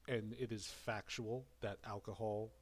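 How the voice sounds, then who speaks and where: A commentary streamer with a fairly low voice rants casually, rambling and circling back over the same words. His tone is steady and unhurried, though he sounds slightly out of breath after a drink.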